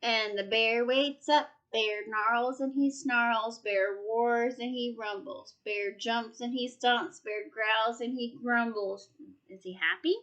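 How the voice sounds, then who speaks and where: A woman's voice: fairly high pitch, fairly even intonation, slow pace, hardly any pauses, fairly bright tone. A woman reading a rhyming picture book aloud, with a rhythmic, sing-song delivery. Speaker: storyteller.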